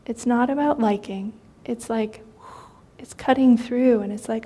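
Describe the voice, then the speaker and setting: A woman meditation teacher giving a dharma talk in a gentle, conversational way, with many fillers and restarts. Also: a little high, fairly even intonation, measured pace, slightly rough.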